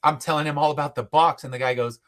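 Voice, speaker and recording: A man's voice: a little high, fairly even intonation, quick pace, a bit bright. A middle-aged man, a podcast guest, telling a story in casual chat and acting out the people he quotes, with casual swearing.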